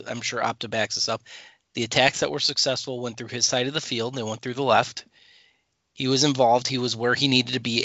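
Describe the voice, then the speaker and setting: A man with a bright, sharp-edged voice talks soccer on a podcast, giving ratings. He often stumbles into his sentences with quick restarts. The audio is dry and a bit muffled. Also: medium pitch, no echo. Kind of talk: casual sports chat.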